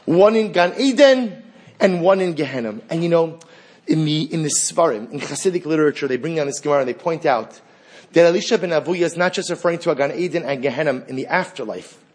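Husky high-voiced man teaching a Torah class. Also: expressive, fast. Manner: rhetorical questions, repeats phrases for emphasis; mixes Hebrew and Aramaic terms into English.

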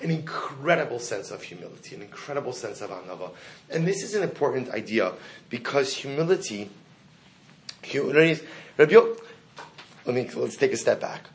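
A man's voice: mid-range voice, sing-song, fairly quick. A man teaching a Talmud class to students. He reads each passage aloud, then translates and explains it, and stops to put questions to the room. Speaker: Torah teacher.

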